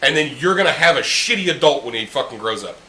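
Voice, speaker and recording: A young podcast host with a mid-range, pushed and bright voice rants heatedly, swearing constantly, while drinking beer with friends in a room during a casual chat. He talks quickly with lively intonation, and the echoey room carries faint ambient noise.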